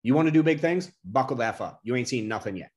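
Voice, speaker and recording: A man's voice: mid-range voice, fast. A man hosting a podcast in casual chat, talking candidly and with profanity about business struggles. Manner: candid, profane, animated storytelling. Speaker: podcast host.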